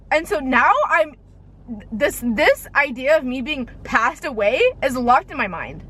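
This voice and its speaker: A woman's voice: sits high, expressive, unhurried, fairly bright tone. Chatty young woman telling a storytime. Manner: chatty, rambling, heavy use of "like" and "okay". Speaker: vlogger. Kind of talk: storytime vlog.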